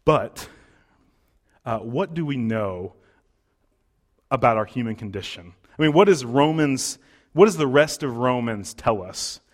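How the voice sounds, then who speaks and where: A man's voice: mid-range voice, expressive, unhurried, pauses often. A man preaching a sermon in a conversational way, with fillers and restarts, as pastor of the congregation.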